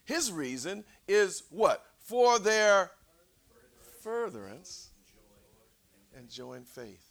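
A male preacher delivering a sermon, swinging from shouts to near whispers and calling out for responses from the congregation. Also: high-pitched, very animated, extremely slow, vocal fry.

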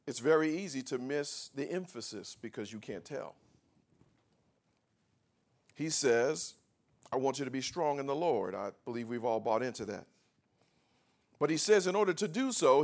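A man preaching a sermon to a congregation, leading call and response and building from quiet talk to shouted scripture. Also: mid-range voice. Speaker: pastor. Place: church before a congregation.

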